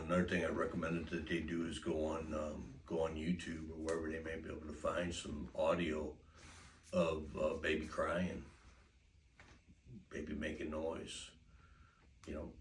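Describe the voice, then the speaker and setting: A man's voice: rumbling low, slight background noise. A man giving casual, folksy, rambling dog-training advice, chuckling often. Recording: roomy, distant mic, faint ambience.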